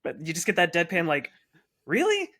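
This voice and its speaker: A man's voice: fairly high pitch, a little fast, a bit bright. A man co-hosting a casual film podcast, chatting and quoting film dialogue with frequent laughs. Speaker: podcast co-host. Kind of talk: casual chat.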